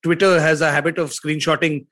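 Excitable man co-hosting a fight podcast. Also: fairly high pitch, brisk. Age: 40s. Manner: excitable, emphatic, laughs often. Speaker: podcast co-host. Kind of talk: casual sports chat.

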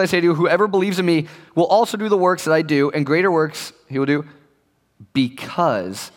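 Young male pastor, slightly high voice, conversational and playful, long hall reverb. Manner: conversational, joking, acts out quoted voices. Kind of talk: casual sermon to young people.

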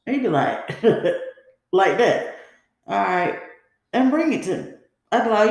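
A woman's voice: medium pitch, big pitch swings, a little slow, long pauses, darkish tone. Podcast host, woman, candid and rambling, mid-range voice, heavy room echo. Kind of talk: personal storytelling monologue. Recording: very echoey room.

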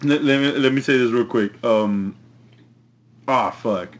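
A man co-hosting a casual movie chat, halting and full of fillers and casual swearing. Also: medium pitch, muffled recording, background noise. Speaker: podcast co-host.

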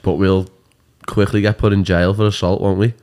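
Man, Liverpool accent, young, very low pitch, blunt, laddish. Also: flat delivery, normal speed, a little mellow. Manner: blunt, laddish, says "lad" often. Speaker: MMA fighter, guest. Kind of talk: casual chat.

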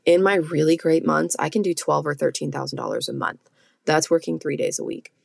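Blunt, low, gravelly woman podcaster. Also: fairly quick, a little mellow, dry recording. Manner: blunt, swears freely, keeps asking "okay?". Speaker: podcast host and med spa owner. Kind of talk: casual solo podcast talk.

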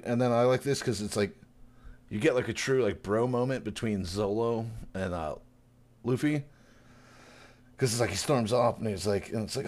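A man on a casual podcast, animatedly recapping a chapter and acting out the characters' lines with laughter. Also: a little fast. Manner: animated retelling, acting out characters with big pitch jumps and laughter. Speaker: podcast co-host.

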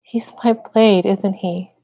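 Woman voicing a tearful young woman, higher shaky voice, fan reading, dull dry lo-fi audio. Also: fairly even intonation, slow pace, mellow, no room sound. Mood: tearful, despairing.

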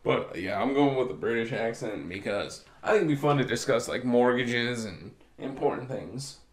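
A man of middle pitch chats casually on a podcast, relaxed and quick to laugh. He puts the questions to his co-host, and the sound rings in an echoey room. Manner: easygoing, laughs often, asks the questions.

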